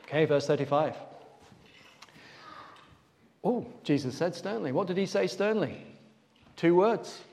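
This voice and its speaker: Male preacher, fairly high voice, interactive quiz-style Bible talk, long church reverb. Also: animated, measured pace, pauses often, a little mellow. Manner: quizzing listeners to fill in missing words.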